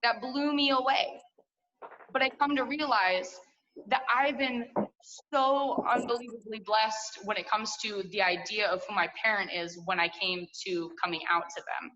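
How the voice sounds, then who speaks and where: Young woman, bright tone, candid and profane storytelling, lo-fi video call audio. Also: a little high, normal speed, slight background noise. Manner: candid and profane, full of likes and asides. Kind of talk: personal story at a story slam.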